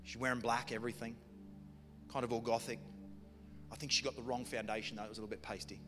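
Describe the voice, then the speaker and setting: A man's voice: medium pitch, level tone, fast talker. A man preaching a sermon, telling a story in a humorous, conversational way. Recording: long hall reverb with music behind.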